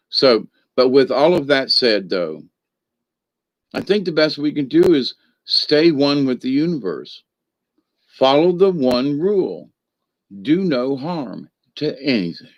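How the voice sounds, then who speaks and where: A man's voice: medium pitch, dry recording, muffled recording. A man hosting a rambling spiritual livestream in a folksy, feisty manner, laughing often and greeting viewers by name. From northern United States. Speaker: livestream host reading viewer comments.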